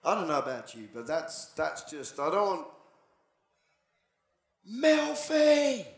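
A male pastor preaching a sermon, moving from dramatic, animated storytelling to hushed, near-whispered passages. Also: a little high, normal speed. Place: church. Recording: echoey church hall.

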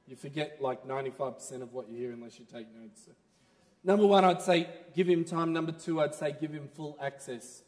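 A man preaching a sermon in church, animated and laughing as he talks. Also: fairly high pitch, a little fast, big-room sound. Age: 30s.

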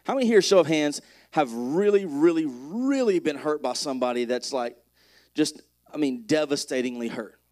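Joking, animated male preacher. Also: on the high side, normal speed. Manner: conversational, joking preaching, reads scripture aloud with rising energy. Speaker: pastor. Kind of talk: sermon.

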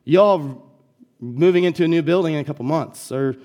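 A man's voice: on the high side, normal speed, dark tone, lo-fi sound. A young American man preaching a sermon as a guest pastor, in a casual, conversational way with lots of filler words. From United States.

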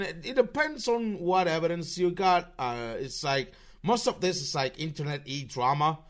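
A man's voice: on the high side, fairly bright tone. A man hosting his own show, delivering a rambling, profane and mocking commentary rant full of restarts. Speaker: show host. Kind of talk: ranting online commentary.

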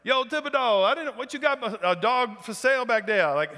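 A man voicing an excitable, slow-witted Cajun man with a Southern Louisiana accent, loud and high with amazement. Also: in a large hall. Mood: excited.

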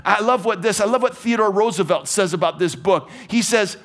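A middle-aged man preaching a sermon from a church stage, talking energetically and conversationally with quick restarts. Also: sits high, fairly bright tone. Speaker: pastor.

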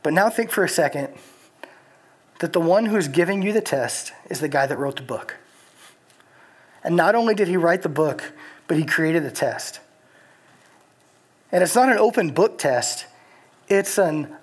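Young preacher, husky voice, casual sermon, lots of "like" in there. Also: medium pitch, expressive, measured pace, pauses often. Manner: chatty storytelling with many "like" fillers.

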